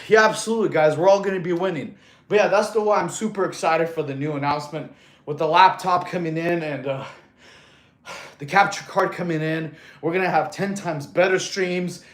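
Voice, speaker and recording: A man chatting casually on a fitness livestream in a laid-back, slangy way, getting out of breath as he counts push-ups. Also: on the high side. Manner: laid-back slangy talk, calls viewers bro. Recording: echoey room.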